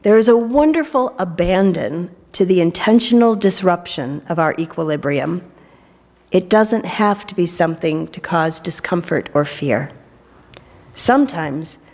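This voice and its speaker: A woman's voice: fairly low pitch, animated, a little slow, a little mellow. A middle-aged woman minister giving a sermon during worship, with a playful manner and joking asides. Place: church sanctuary during worship. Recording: long reverb of a large hall.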